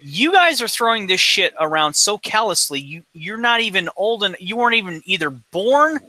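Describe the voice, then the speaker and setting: A man's voice: high-pitched, big pitch swings, normal speed, sharp tone, dry recording, poor audio. A man in his forties in casual podcast chat, ranting bluntly with lots of swearing. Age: 40s. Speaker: podcast co-host.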